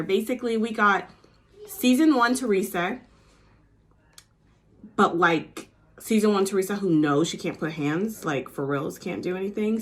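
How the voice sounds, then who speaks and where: A woman chatting casually as she recaps a reality TV episode, full of "like" and "you know", now and then acting out cast members in a mock New Jersey accent. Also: medium pitch.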